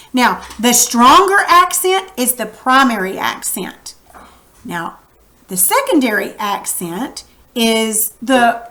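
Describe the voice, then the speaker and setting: A woman's voice: fairly high pitch, a bit bright, poor audio. A woman teacher giving a recorded reading lesson, patiently asking questions and sounding out words for the class.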